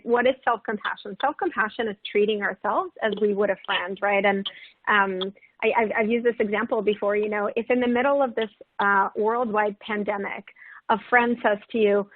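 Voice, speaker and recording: A woman's voice: mid-range voice, moderate pace, no echo. Encouraging woman on a tinny call line. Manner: warm encouraging, many "right?" and "like" fillers. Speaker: webinar panelist. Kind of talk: webinar talk on self-compassion. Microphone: video call. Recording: tinny phone-like call audio.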